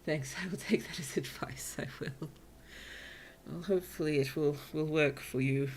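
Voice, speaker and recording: A tired woman streamer gently chatting with her viewers during gameplay, softly spoken and often dropping to a whisper. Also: sits low, moderate pace, slight background noise. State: tired, yawning. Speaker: virtual streamer. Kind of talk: casual gameplay commentary to chat.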